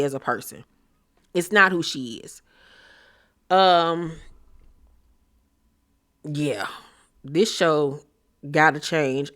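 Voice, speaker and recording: A woman's voice: sits low, a bit bright. A young adult woman hosting a reality TV recap vlog, talking in a sassy, blunt, profane ranting way. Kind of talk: casual commentary vlog.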